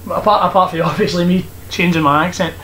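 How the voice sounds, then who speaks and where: High-voiced young man hosting a jokey podcast. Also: steady tone, fast talker, a bit bright, a little hiss or hum, low-quality recording. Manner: jokey, laughs often, many fillers. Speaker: podcast host. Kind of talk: casual comedic podcast chat.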